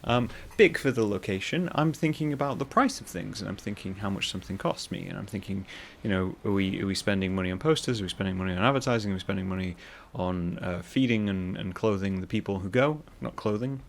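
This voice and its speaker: A man's voice: fairly low pitch, quick pace, creaky, slight background noise. A middle-aged man from northern England hosting a solo podcast, rambling and self-mocking as he talks through an anecdote. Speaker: podcast host.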